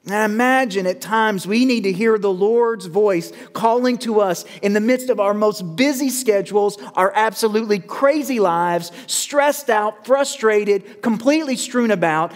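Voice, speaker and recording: A male pastor preaching a sermon, measured with dramatic pauses, building to urgent calls. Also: high voice. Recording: long reverb of a church hall.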